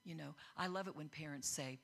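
Bright-voiced woman preaching a lively sermon. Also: low-pitched, fairly quick, creaky. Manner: animated, acts out quoted voices, gets loud and excited. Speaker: pastor.

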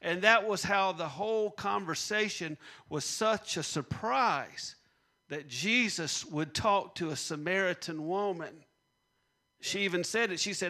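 A man's voice: high voice, measured pace, bright, forceful tone. A man preaching a sermon, repeating punchlines and leading call-and-response with the congregation. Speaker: pastor.

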